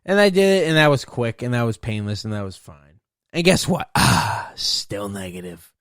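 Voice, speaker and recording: A man's voice: mid-range voice, big pitch swings, moderate pace, a bit bright, clean tone, no echo, studio quality. A young man hosting a solo podcast, ranting in a profane, boastful, rambling way. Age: young adult. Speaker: podcast host.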